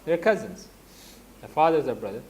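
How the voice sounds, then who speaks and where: Animated man telling classroom stories. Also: medium pitch, normal speed. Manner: anecdotal, animated, laughing asides. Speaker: religious teacher. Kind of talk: casual classroom lecture.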